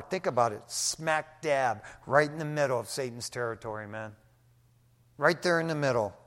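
An older man preaching a sermon, telling a testimony in an animated, folksy way and often dropping "man" into his sentences. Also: on the high side. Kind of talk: storytelling sermon. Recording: long hall reverb.

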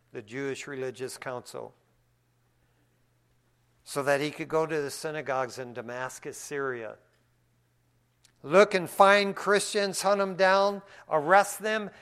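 A pastor preaching a sermon in a church, a man who swings from hushed asides to loud, excited preaching and speaks in a folksy way, often calling people "man". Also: a little high, clean tone.

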